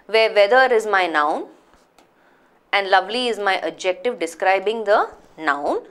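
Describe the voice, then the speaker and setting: A woman's voice: medium pitch, expressive, a little slow, a bit bright, smooth. A woman teaching a live grammar class, explaining patiently and checking that students follow.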